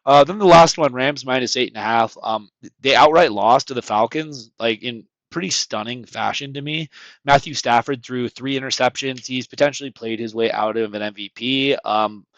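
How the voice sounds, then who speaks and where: A man's voice: mid-range voice, normal speed, a bit bright, no room sound, low-quality recording. A man co-hosting a casual sports betting podcast, recapping his losing picks with wry, self-mocking humor. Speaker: podcast co-host.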